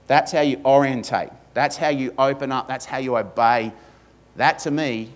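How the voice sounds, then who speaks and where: A man's voice: mid-range voice, steady tone, normal speed. A man with an Australian accent preaching a sermon in church, emphatic, stacking repeated lists and slipping in humorous asides. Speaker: pastor.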